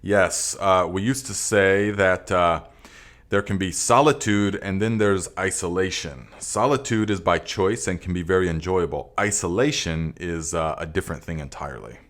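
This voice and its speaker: Low-voiced man hosting a live chat. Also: moderate pace. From Northern California. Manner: relaxed, reads viewer comments aloud with many fillers. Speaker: podcast host.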